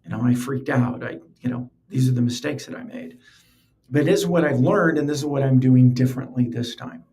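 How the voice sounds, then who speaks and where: A man with a warm, medium-pitched voice hosts a podcast by himself, speaking a little fast. He comes across as earnest but relaxed, and he repeats words a lot while thinking.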